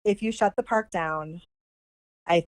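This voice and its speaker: A woman's voice: fairly low pitch, measured pace, no echo. A middle-aged woman, a podcast guest, telling a story in a casual interview and acting out the people she quotes. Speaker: podcast guest, former animal control director.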